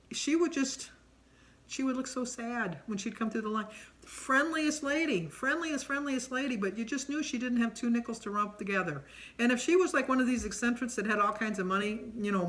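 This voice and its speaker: A middle-aged woman talks through a list of tag questions on her vlog. She rambles casually and fills her pauses with ums, in a middle-pitched everyday voice. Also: fairly bright tone. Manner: chatty and rambling, many ums. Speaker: vlogger answering a tag questionnaire. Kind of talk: casual chat.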